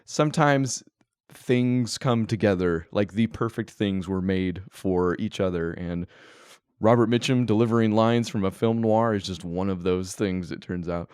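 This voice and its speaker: A man with a fairly low, smooth and resonant voice talks through a classic film with a podcast co-host. He is enthusiastic and a bit rambling, circling back with restarts as he goes. The sound is dry and close to the mic. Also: unhurried, a little mellow, dry recording. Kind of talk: casual film discussion.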